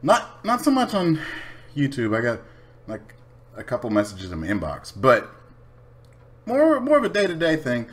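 Blunt, swearing man with a lively voice. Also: mid-range voice, moderate pace, long pauses. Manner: blunt, profane, unapologetic. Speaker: vlogger. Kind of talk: casual rant to camera.

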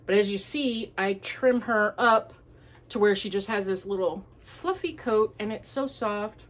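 A woman's voice: medium pitch, measured pace. A woman hosting a home crafting podcast, chatting casually in a rambling way. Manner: chatty and rambling, with many fillers. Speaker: crochet podcast host. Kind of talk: casual chat.

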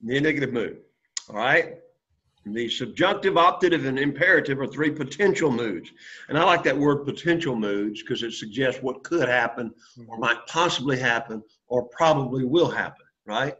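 A man's voice: mid-range voice, lively intonation, moderate pace, sharp tone. A man teaching a Greek class, quizzing students and checking in with "okay?" and "right?". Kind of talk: classroom lecture. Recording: lo-fi classroom recording.

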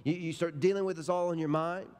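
A man's voice: a little high, fairly even intonation, fast, a little mellow, smooth. A middle-aged male pastor preaching a sermon, telling stories in an emphatic, folksy way. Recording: long reverb of a large hall.

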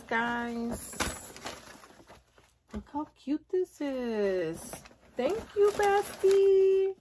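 A woman's voice: on the high side, noisy background. A woman vlogger opening happy mail from a friend, chatting casually and gushing over each gift. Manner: gushing, giggly, talks to viewers. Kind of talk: casual unboxing chat.

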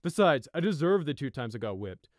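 A hardened young buck, zealous and harsh, voiced by a man raising his pitch somewhat. He talks loudly and forcefully in short, clipped lines. The sound is dry and close. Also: big pitch swings, moderate pace, no echo. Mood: angry.

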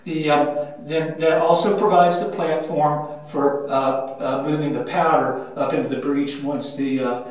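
Older man guiding in an echoing turret. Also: steady tone. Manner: methodical, pauses with frequent "uh" fillers. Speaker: museum ship guide. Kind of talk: guided tour explanation. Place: inside a steel gun turret on a battleship. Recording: booming metal-room echo, mic at a distance.

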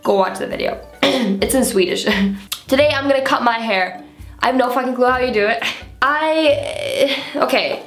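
A woman's voice: fairly high pitch, normal speed, pauses often, soft background music. A woman chatting casually and giggling nervously in a home vlog, swearing freely. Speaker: beauty vlogger. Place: bathroom at home. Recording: echoey small bathroom.

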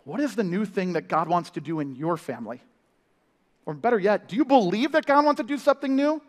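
Animated high-voiced pastor preaching. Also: male voice, brisk. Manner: animated storytelling with impressions and humor. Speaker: family ministry pastor. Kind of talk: sermon. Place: church. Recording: live sermon in a reverberant hall.

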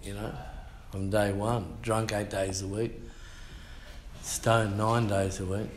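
Older Australian male pastor, slangy testimony preacher, slow delivery, echoey church room. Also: on the low side, flat delivery, a little hiss or hum. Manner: colloquial, slangy, emphatic storyteller. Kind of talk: storytelling sermon testimony.

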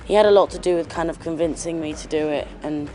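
A woman's voice: low voice, fast, mellow. A young woman with an English accent, a talent show judge chatting in a casual interview and gushing through lots of fillers. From England. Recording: music and crowd behind.

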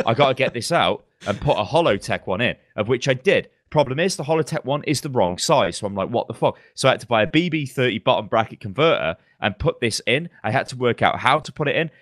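A man's voice: medium pitch, expressive, quick pace, hardly any pauses, a bit bright, no echo, clean studio sound. A man co-hosting a gaming news podcast, chatting casually with lots of swearing and ranting asides. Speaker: podcast co-host. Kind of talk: casual chat.

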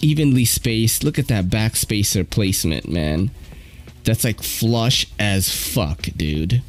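A man hosting his channel, chatting casually and excitedly in slang while unboxing at home. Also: medium pitch. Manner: slangy, excitable, loud exclamations. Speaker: channel host reviewing knives. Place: at home at a table.

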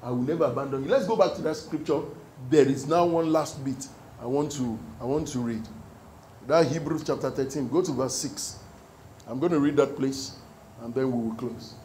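A man's voice: a little high, mellow, roomy sound, a little hiss or hum, rough recording. A male pastor preaching a sermon, reading scripture and putting questions to the congregation for them to answer. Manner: emphatic call-and-response preaching.

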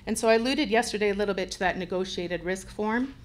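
A woman's voice: mid-range voice, fast talker. A woman from Canada, a care home administrator, speaking earnestly on a panel as an advocate for residents. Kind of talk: panel talk.

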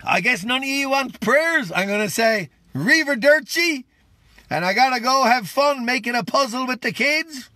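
A man preaching on a live stream, his voice pitched very high and sharply bright. He is fervent and exclamatory, yet sounds worn out. The sound is close and dry, with no room around it. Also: animated, moderate pace, dry recording. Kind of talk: impromptu livestream preaching and greetings.

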